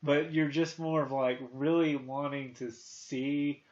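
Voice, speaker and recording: A man's voice: fairly high pitch, fairly even intonation, slow pace, darkish tone, highs cut off. A man in his thirties hosting a casual movie review chat, rambling with many restarts and fillers. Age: 30s. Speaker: podcast host.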